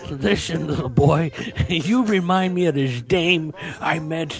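A man voicing a rambling, lecherous old man who drawls and wanders off topic. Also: fairly high pitch. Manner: slow, wandering, leering.

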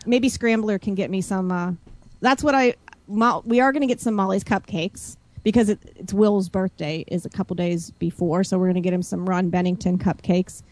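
A woman in casual chat as a guest, talking quickly and brightly as she promotes an event. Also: medium pitch. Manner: chatty, quick, upbeat promoter.

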